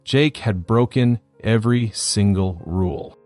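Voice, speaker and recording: A man narrating a scripted first-person story in a steady, matter-of-fact way. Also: lowish voice, a little slow, faint music behind.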